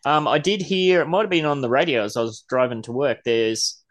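An Australian man in his forties hosts a relaxed podcast conversation. His voice sits at an ordinary middle pitch, and he rambles with easy laughs. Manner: chatty, rambling, quick to laugh. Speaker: podcast host. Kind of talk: casual podcast chat.

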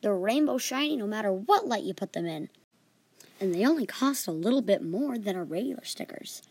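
A woman's voice: mid-range voice, animated, brisk, husky, dry recording. A female podcast host reading her own fantasy adventure story in an earnest way, with small slips.

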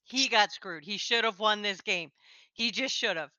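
A woman co-hosting a casual chat, animated and quick to laugh, with sarcastic asides. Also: medium pitch, no echo, lo-fi sound. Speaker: co-host.

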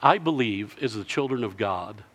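A man preaching a sermon, telling a story with lively delivery and answered by the congregation. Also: fairly low pitch, moderate pace. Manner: lively storytelling, acting out villagers in character.

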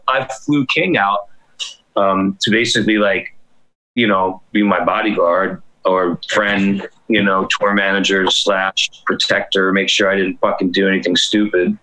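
A man's voice: lowish voice, fairly even intonation, normal speed, pushed and bright, poor audio. A man casually telling a long, rambling, profane anecdote on a podcast, full of restarts and acted quotes. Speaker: guest storyteller.

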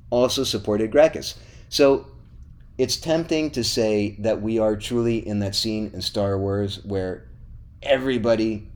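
A man hosting a history podcast, telling the story in a lively, playful way and teasing his co-host. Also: on the low side. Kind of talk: casual history podcast chat.

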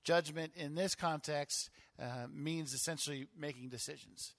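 A man's voice: a little high, moderate pace, vocal fry, no room sound. Pastor man explaining Scripture. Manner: explanatory, relaxed, with frequent fillers. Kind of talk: conversational Bible teaching.

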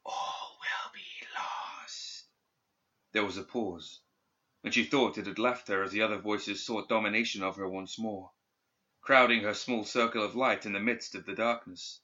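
A man reading a dark fantasy story aloud in steady, even scripted narration. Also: fairly low pitch, normal speed. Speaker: audiobook narrator. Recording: dull lo-fi recording.

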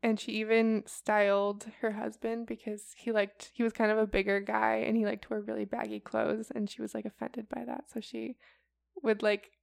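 A young woman chatting casually through a report, her voice smooth yet carrying a gravelly fry. The sound is dry and close. She fills her talk with easy "like"s and "um"s. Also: a little high, level tone, normal speed, no echo. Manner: chatty and casual, heavy with fillers like "like" and "um". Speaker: podcast co-host presenting a report. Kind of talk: casual chat.

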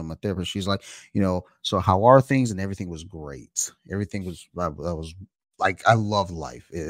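A man's voice: sits low, a bit bright, no room sound, studio quality. A man hosting a podcast who talks in a thoughtful, hesitant way with many fillers. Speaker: podcast host. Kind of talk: reflective conversation.

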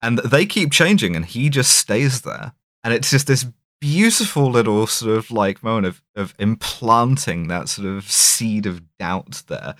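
A low-pitched man co-hosting a podcast, talking through a film scene by scene. He rambles, restarts, and leans on fillers. The sound is dry and close. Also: animated, a little slow, fairly bright tone, no room sound. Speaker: podcast co-host. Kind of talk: casual film discussion.

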